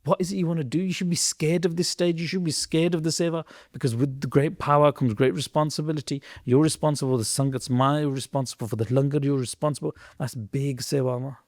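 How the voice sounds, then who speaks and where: A man's voice: fairly high pitch, fairly even intonation, quick pace, few pauses, no echo. Impassioned man telling history, dry sound. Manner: earnest, preachy, swings between loud emphasis and quiet asides. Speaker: podcast storyteller. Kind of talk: impassioned historical storytelling in a podcast chat.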